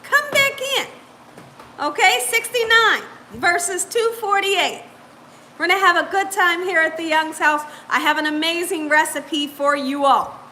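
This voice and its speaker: A woman's voice: very high voice, measured pace, bright, forceful tone, slight background noise. A woman hosting a live cooking stream, chatting upbeat with viewers, greeting them by name and laughing often. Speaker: cooking channel host.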